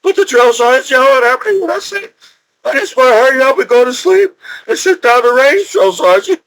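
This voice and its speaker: A middle-aged man telling rambling stories in a casual, excitable way, repeating himself and restarting often. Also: extremely high pitch, fairly quick, low-quality recording.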